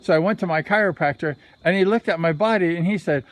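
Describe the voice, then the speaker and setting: Ex-racer guy chatting on his vlog, kinda high voice, rambles and corrects himself. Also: fast, dry recording. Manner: rambling, conversational, self-correcting. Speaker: former motorcycle speedway racer. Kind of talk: casual storytelling vlog.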